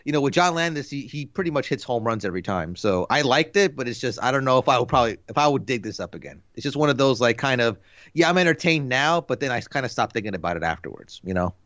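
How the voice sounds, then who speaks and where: A man's voice: medium pitch, animated, quick pace, fairly bright tone, no echo, lo-fi sound. A man in his thirties co-hosting a podcast, chatting casually in a rambling, laid-back way full of fillers. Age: 30s. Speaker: podcast co-host. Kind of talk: casual chat.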